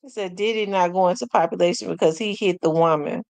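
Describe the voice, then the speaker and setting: A woman's voice: lowish voice, fairly quick, gravelly, a little mellow, dry recording. A woman hosting a casual commentary stream, chatty, exclaiming and laughing as she talks to her viewers. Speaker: host.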